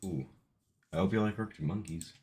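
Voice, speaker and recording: A man chatting casually with his viewers between songs on a live stream, in relaxed, mumbled asides. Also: deep voice, fairly quick.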